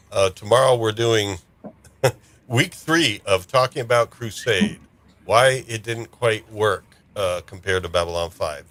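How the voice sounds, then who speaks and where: A man hosting a podcast, talking casually with frequent fillers. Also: lowish voice. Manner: relaxed, chatty, frequent fillers. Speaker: podcast host. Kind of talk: casual group chat.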